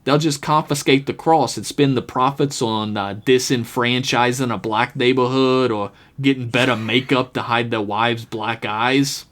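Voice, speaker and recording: A man voicing a jaded, blunt male detective who speaks in quick, sarcastic bursts in a comedy podcast story. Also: medium pitch, steady tone, fairly bright tone, natural voice. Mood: grim.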